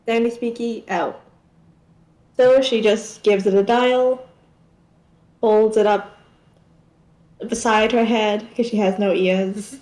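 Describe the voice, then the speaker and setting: A woman's voice: medium pitch, fairly even intonation, slow pace, pauses often, darkish tone. A woman playing her character in a tabletop game, pressing with repeated questions. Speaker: player. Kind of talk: in-character tabletop role-play. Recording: echoey room.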